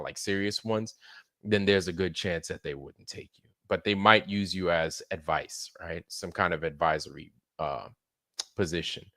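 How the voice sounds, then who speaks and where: A man's voice: sits low, sharp tone, no room sound, studio quality. A man hosting a livestream in casual, rambling chat, swearing freely and laughing often. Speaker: livestream show host.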